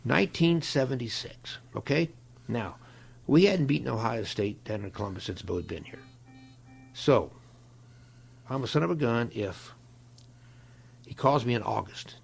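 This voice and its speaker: Gravelly older man telling stories. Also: medium pitch, moderate pace, pauses often. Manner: folksy, animated storyteller. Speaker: interview guest, longtime equipment manager. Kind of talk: storytelling in a conversation.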